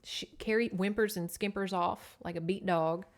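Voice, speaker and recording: A woman's voice: mid-range voice, steady tone, normal speed. A young woman, hosting a casual podcast book recap in a chatty, profane way with laughing asides. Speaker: podcast host.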